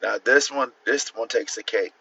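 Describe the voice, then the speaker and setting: A man's voice: mid-range voice, moderate pace, gravelly, bright, forceful tone, slightly rough, lo-fi sound. A man hosting a casual livestream and reacting to posts, laughing often, incredulous and swearing freely. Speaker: livestream host.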